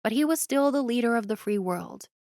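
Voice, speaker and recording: A woman's voice: a little high, expressive, fairly quick, darkish tone, dry recording. Woman narrating an audiobook, dry studio sound.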